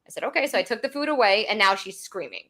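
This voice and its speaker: A woman, a podcast host and mother, casually recounting a mealtime struggle with her child, halting and restarting as she goes. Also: mid-range voice, animated, a bit bright. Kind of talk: casual chat.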